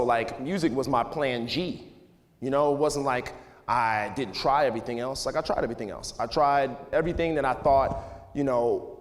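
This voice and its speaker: A man in his thirties speaking casually to an audience, relaxed and conversational with many fillers. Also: medium pitch. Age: 30s. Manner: relaxed and conversational, full of "you know" and "like", laughs often. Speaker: speaker giving a talk to students. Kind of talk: casual, candid talk to an audience. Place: large hall. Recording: long hall reverb.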